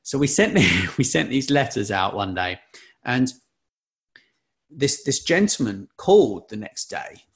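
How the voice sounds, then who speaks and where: In an unhurried, mid-range voice, a man hosting a relaxed business chat relates an anecdote animatedly, full of restarts and repetitions.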